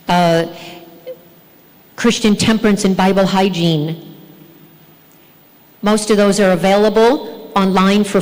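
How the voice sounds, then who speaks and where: A woman giving a church health talk, earnest and asking her listeners questions. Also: medium pitch. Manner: earnest, asks the audience questions. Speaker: health speaker. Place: church hall. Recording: long hall reverb.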